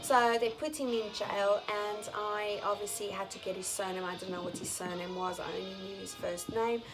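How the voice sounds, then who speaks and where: A woman's voice: medium pitch, steady tone, moderate pace, music in the background, low-quality recording. A woman vlogger telling personal stories to her viewers in a casual, earnest and emphatic way. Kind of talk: casual storytelling to camera.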